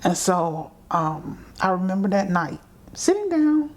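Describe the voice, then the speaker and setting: A woman's voice: medium pitch, big pitch swings, a little slow, a little mellow. A woman guest telling a personal story vividly, acting out the remembered dialogue as she goes.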